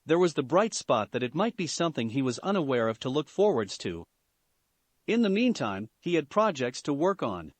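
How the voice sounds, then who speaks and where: A man reading fan fiction aloud as narrator, in an expressive way. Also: fairly high pitch, normal speed, no echo. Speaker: story reader.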